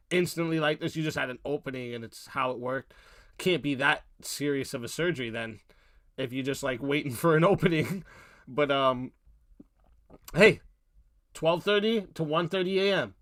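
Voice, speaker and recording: A man's voice: a little high, fairly bright tone, dry recording, studio quality. A young man hosting a livestream, ranting bluntly at his chat with heated language and constant cursing. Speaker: livestream host. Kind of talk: profane livestream rant.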